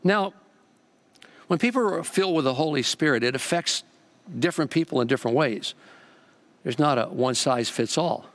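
A male pastor preaching in a fairly high voice. He rolls through repeated phrases and builds them upward, then drops into relaxed storytelling. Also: normal speed, pauses often. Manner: animated, repetitive preaching cadence. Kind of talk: sermon.

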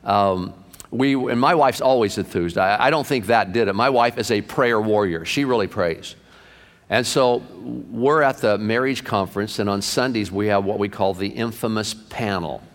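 A male pastor preaching a sermon through lively anecdotes, acting out the people in his stories. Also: lowish voice, normal speed, long reverb tail. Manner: animated anecdotes, acted-out quotes. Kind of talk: sermon storytelling.

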